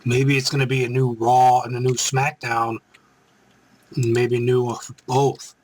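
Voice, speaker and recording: Excitable rambling man reacting live. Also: medium pitch, a little slow. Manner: excitable, rambling, breaks into chants. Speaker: live reaction show host.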